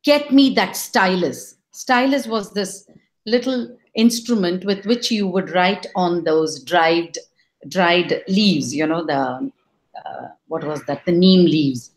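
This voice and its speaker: A middle-aged woman telling a folk tale to listeners, expressive and rising high when she quotes her characters. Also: slow, a little hiss or hum. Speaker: storyteller. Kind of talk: storytelling.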